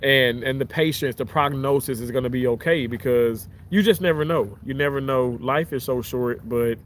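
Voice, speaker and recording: Outdoors by the water, a man livestreams on a phone held at arm's length, casually chatting and reading out comments. He rambles with many restarts and his pitch jumps suddenly when he gets excited. He speaks at a moderate pace, with slight background noise.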